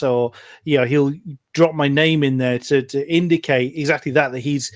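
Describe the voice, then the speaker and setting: A man's voice: fairly high pitch, steady tone, normal speed, no room sound, studio quality. A British man, a guest commentator, explaining his craft in a thoughtful podcast chat with examples. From Britain.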